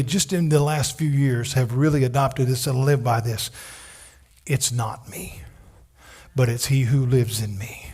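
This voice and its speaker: A man in his fifties preaching a sermon as a pastor, earnest, moving between loud emphasis and soft whispered asides. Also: a little high. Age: 50s.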